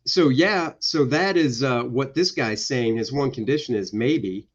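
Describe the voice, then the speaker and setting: A man's voice: medium pitch, a little slow, few pauses, dull audio. A male comic book artist giving casual, jokey commentary on his pages during a livestream. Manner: playful, jokey, slips into goofy voices.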